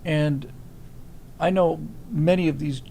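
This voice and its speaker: A man's voice: fairly high pitch, steady tone, slow pace, vocal fry, warm tone, a little hiss or hum, rough recording. A man hosting a livestream, chatting casually and telling rambling anecdotes. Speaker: host.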